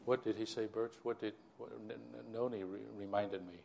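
A man's voice: fairly low pitch, steady tone, a little fast, gravelly, a little mellow. An older man speaking to a church gathering, recalling its early history in a rambling way, full of restarts and direct asides to his listeners. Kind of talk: sermon-style recollection.

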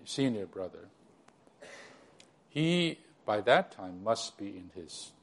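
Recalling the church's early days for the gathering, an older man with a lowish, darkish voice wanders through the story, restarting often and turning to speak directly to his audience in a sermon-like way.

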